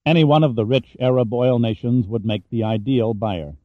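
A man narrating a thriller audiobook in an even, steady reading. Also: mid-range voice, normal speed, dry recording, phone-quality sound. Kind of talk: scripted narration.

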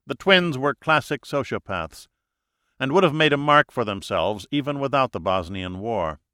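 A man's voice: mid-range voice, expressive, bright, forceful tone, clear, resonant tone, no room sound. Dry-voiced male audiobook narrator. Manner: measured, dramatic storytelling. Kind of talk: scripted thriller narration.

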